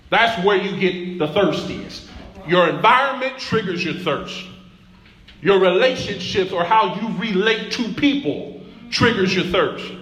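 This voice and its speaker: A pastor preaching a sermon in a church, building through repeated phrases and calls to the congregation. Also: male voice, sits high, expressive, a little slow, a bit bright. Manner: preaching with rising call-and-response. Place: church sanctuary. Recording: echoey church room.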